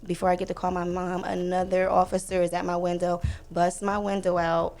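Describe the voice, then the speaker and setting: Young woman with a gravelly voice. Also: fairly low pitch, brisk. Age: young adult. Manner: animated retelling, acts out voices, fillers. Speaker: podcast guest. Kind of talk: casual storytelling.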